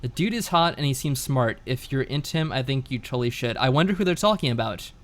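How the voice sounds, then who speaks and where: Streaming a visual novel, this man chats in a laid-back way and reads the narration aloud with lively inflection. His voice is mid-range and he talks fast.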